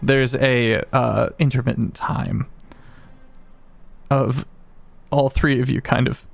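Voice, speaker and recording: A game master narrating a tabletop game in a slow, musing way. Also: medium pitch, steady tone, vocal fry.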